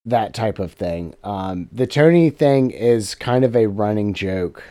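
A man co-hosting a podcast about running tabletop games, explaining his habits in a casual, animated, rambling way. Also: lowish voice, measured pace, no echo. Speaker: podcast co-host, game master.

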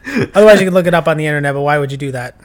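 A young man co-hosting a casual movie podcast, chatty and joking, with quick asides. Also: on the high side. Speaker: podcast co-host. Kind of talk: casual movie review chat.

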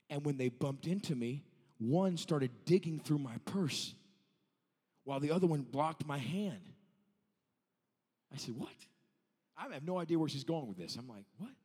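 A male evangelist in his thirties, preaching a revival sermon that moves from telling a story to shouting. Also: medium pitch, husky, in a large hall.

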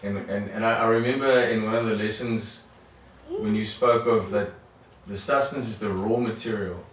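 A man's voice: fairly low pitch, steady tone, normal speed. A man sharing in a church study group, hesitant, often restarting and repeating words. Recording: very echoey room from far off.

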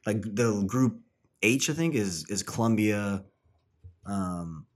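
A young man with a fairly low voice chats casually, trailing off into fillers and restarts. He swears loosely and talks in a relaxed, rambling way. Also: slow. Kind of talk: casual chat.

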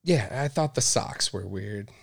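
A man's voice: lowish voice, lively intonation, measured pace, gravelly. A man, a guest on a podcast, speaking in casual chat in an offhand manner with some swearing.

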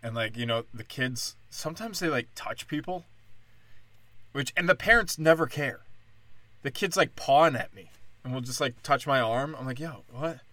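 A man's voice: medium pitch, moderate pace, dry recording. A young man telling rambling, profane stories about his job in a casual chat. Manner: profane, rambling, animated storytelling. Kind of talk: casual storytelling rant.

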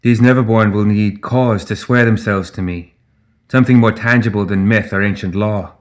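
Guy reading a proud old fae queen in a storybook, low voice, slow and regal, bossy. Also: steady tone, close to an everyday voice. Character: stern ancient fae queen, proud and commanding.

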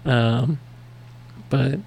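A man's voice: mid-range voice, drawn-out words, creaky, darkish tone, slightly rough. An American man co-hosting a podcast, telling rambling stories in casual chat with lots of fillers. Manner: rambling storyteller, many fillers. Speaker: podcast co-host.

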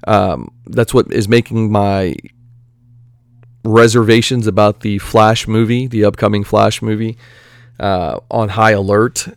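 A man giving casual, rambling commentary on superhero movies, excitable and full of asides and fillers. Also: on the low side, measured pace, gravelly, no echo, clean studio sound.

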